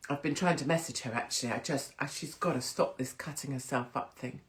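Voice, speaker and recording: A woman's voice: a bass voice, brisk. A middle-aged woman chatting candidly to camera, blunt and rambling, swearing freely. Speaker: vlogger.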